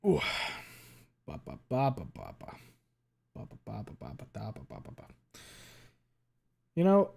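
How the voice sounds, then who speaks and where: A man streams live and chats casually with viewers. He swears often, says "like" constantly, and gets loud and high when something amuses him.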